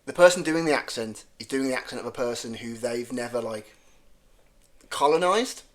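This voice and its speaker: A man with a strong Brummie accent chats as a podcast guest comedian. His talk is rambling and jokey, full of restarts and self-corrections as he works through an idea. His pitch sits in an ordinary middle range for a man. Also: lively intonation, moderate pace. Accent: Birmingham (Brummie). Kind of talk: casual podcast chat.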